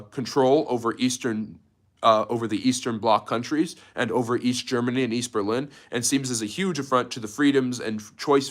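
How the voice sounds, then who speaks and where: A man's voice: mid-range voice, fairly bright tone. A man giving a loose, unscripted history lecture on a livestream, full of fillers and restarts, stopping now and then to answer viewer chat. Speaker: history teacher.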